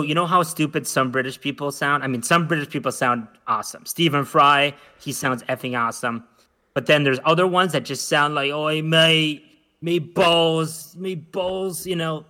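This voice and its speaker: A man's voice: on the high side, normal speed, bright, forceful tone. A man co-hosting a casual podcast chat, rambling and joking playfully. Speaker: podcast co-host.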